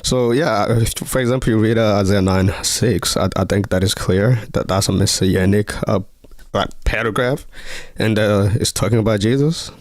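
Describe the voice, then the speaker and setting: A man with a non-native English accent in a live online religious debate, speaking haltingly with fillers. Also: fairly low pitch, no room sound. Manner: halting, with fillers and repeated words. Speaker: debate participant.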